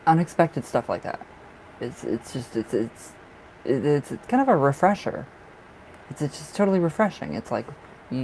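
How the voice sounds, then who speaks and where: A tarot reader gives a live reading and chats casually with viewers, gushing and affectionate, often restarting and repeating himself. His mid-range voice is darkish with vocal fry, and the poor audio carries slight background noise.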